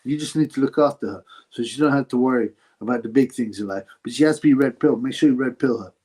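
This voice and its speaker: Quick-paced and slightly rough, this man's medium-pitched, darkish voice carries a British accent. He hosts a live stream, reading out viewer questions and answering them in a blunt, crude, casual style of live-chat commentary.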